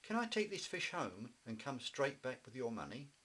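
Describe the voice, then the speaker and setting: A man's voice: mid-range voice, sing-song, moderate pace, pushed and bright, breathy edge, voice pushed up, heavily acted. A man voicing a sleepy, easygoing young boy bear in a children's storybook reading. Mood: innocent.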